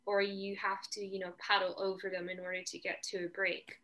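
A young woman from Portugal tells surf stories in a loose, filler-heavy chat. Her voice is bright and clear, and she speaks at a middle pitch. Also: fairly quick. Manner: relaxed storyteller, many fillers. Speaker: guest surfer. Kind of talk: casual chat.

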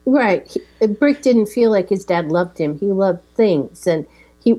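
A woman with a dark, mellow voice recaps a film in casual chat, moving steadily through the plot with fillers. A faint mains hum sits under the recording. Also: mid-range voice, a little slow. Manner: steady recap with fillers, quoting lines plainly.

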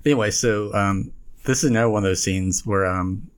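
Low-voiced man in a rambling casual chat. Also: brisk, clean tone. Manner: chatty, rambling, laughs often. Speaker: podcast co-host.

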